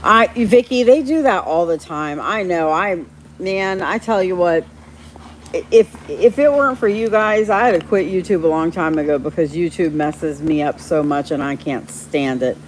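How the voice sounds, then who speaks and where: A woman hosting a casual live stream, chatting warmly with viewers by name and laughing often. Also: on the low side, moderate pace, a little hiss or hum. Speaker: livestream host reading viewer chat.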